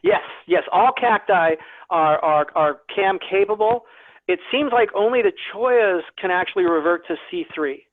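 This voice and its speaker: Over a tinny, phone-like video call, a high-voiced plant scientist guest-lectures a naturalist club online. He's animated and chatty at a moderate pace, pokes fun at himself, and repeats words, with no room sound.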